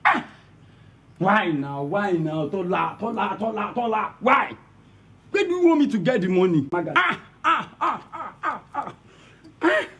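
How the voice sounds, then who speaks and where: A man's voice: high voice, expressive, slow, bright, forceful tone, slightly rough, exaggerated voice. A man with a Nigerian accent playing a boastful, broke young man with dramatic outbursts, mixing in pidgin. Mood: outraged. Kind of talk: amateur skit acting.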